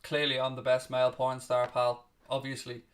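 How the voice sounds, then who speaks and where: A man's voice: medium pitch, monotone, recorded from a distance. A man hosting a live football watchalong, calling each pass and snapping back bluntly at his chat. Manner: blunt, snippy with chat, swears freely; rapid play-by-play naming each pass. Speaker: watchalong host.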